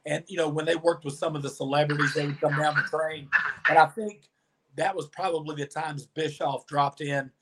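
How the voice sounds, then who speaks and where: A man's voice: fairly high pitch, moderate pace, slightly rough. A man guesting on a podcast who tells long stories from his past and acts out what others said along the way. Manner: animated storyteller, acts out quoted dialogue. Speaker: podcast guest, former pro wrestler. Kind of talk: storytelling interview answers.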